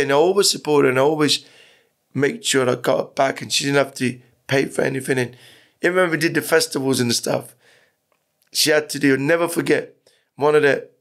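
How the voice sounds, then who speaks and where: A middle-aged man from Iran, a podcast guest telling his story candidly, with rambling talk and frequent swearing. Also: medium pitch. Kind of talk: casual storytelling interview.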